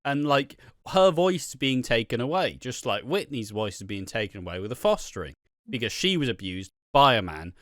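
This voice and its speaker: A man's voice: medium pitch, fairly bright tone, dry recording, clean studio sound. A man co-hosting a podcast in casual chat, blunt, indignant and swearing freely. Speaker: podcast co-host.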